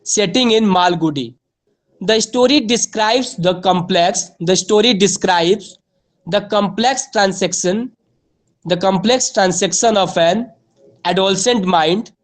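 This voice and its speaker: A woman's voice: mid-range voice, unhurried. A woman, teaching a literature lesson as dictated notes, repeating each phrase and spelling words out letter by letter.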